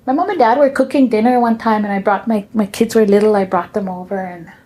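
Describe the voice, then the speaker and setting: A woman telling her family's stories in a gentle, unhurried way, with soft pauses. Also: medium pitch. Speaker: storyteller.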